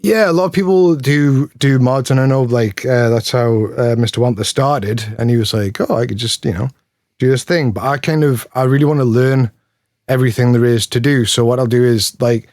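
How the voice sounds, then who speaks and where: In a mid-range, slightly mellow voice at normal speed, a Geordie pedal builder from Newcastle, England, chats casually as a guest in an interview. He rambles, downplays himself and laughs often. The recording is dry and studio quality.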